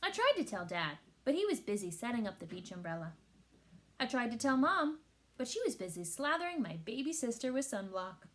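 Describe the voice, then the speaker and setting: A woman reading a children's picture book aloud with expressive storytelling. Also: mid-range voice, fast, few pauses, a little hiss or hum. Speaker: teacher.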